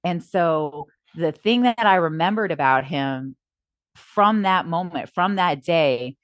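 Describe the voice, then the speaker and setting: A woman co-hosting a podcast, telling a lively anecdote in a casual way. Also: on the low side, takes it slowly, no echo. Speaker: podcast co-host.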